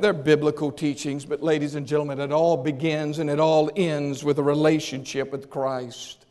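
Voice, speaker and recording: A male preacher delivering an impassioned sermon that swings from shouts to hushed tones, with long hall reverb. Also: fairly high pitch.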